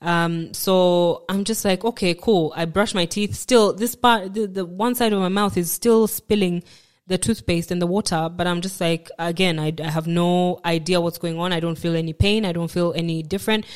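Lowish-voiced woman telling her story. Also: fairly even intonation, clean tone. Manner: halting, repeats words, acts out what others said. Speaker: podcast guest. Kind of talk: personal storytelling.

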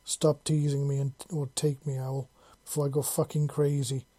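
A bold robot woman soldier from an audiobook story, teasing and playful in every line, as the narrator puts her on. The voice is very dark and mellow, close and dry with no room around it. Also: medium pitch, level tone, normal speed, breathy edge, dry recording, natural voice. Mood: breathless.

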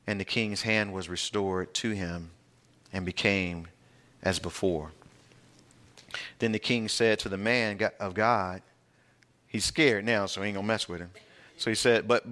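Lower-voiced man teaching a sermon. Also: normal speed, fairly bright tone. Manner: conversational and emphatic, plain everyday words. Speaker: pastor. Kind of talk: verse-by-verse Bible teaching sermon.

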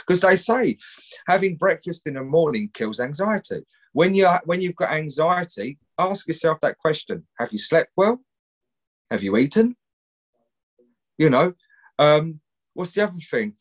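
A man's voice: a little high, animated, normal speed. A man, a mental health counsellor, speaking as a guest in a candid podcast conversation, rambling and swearing freely.

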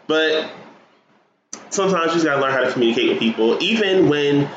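Man, podcast co-host, lively swooping voice, slightly high, casual and profane, echoey room. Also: brisk. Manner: animated, profane storyteller. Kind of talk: casual chat. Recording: roomy, dull, noisy room sound.

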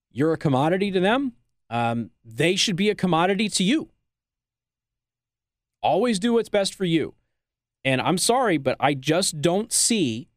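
A man's voice: fairly high pitch, no room sound, clean studio sound. A man hosting talk radio, giving blunt, teasing advice in an opinionated monologue. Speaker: radio talk show host. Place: radio studio.

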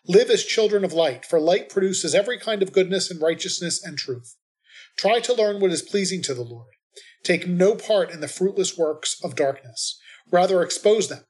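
A man reading the responsorial psalm and scripture readings at Mass in a measured, steady way. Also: high voice.

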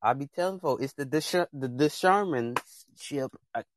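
A man's voice: mid-range voice, expressive, a little slow, no echo. Young guy hosting a podcast, aave, gets preachy and rambly talking to viewers, mid voice, dry mic. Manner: passionate, rambling, talks straight to viewers. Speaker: podcast host. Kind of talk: casual chat, preachy advice.

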